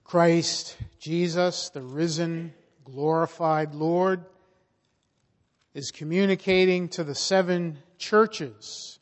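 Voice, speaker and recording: A man preaching a sermon slowly and emphatically, his voice rising and swelling in volume for emphasis. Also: fairly high pitch, steady tone. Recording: long reverb of a large hall.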